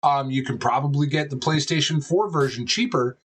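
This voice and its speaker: A man's voice: medium pitch, a little fast, slightly rough. Guy cohosting a chill podcast, swears a ton, lots of ums, gets worked up. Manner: animated, swears a lot, rambling with fillers. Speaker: podcast co-host. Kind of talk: casual chat.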